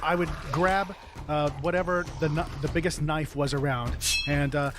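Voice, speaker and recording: A man's voice: on the high side, fairly even intonation, moderate pace, background noise. A man playing a tabletop game, talking hesitantly with many restarts. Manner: hesitant, full of ums and restarts. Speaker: player. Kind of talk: casual tabletop play.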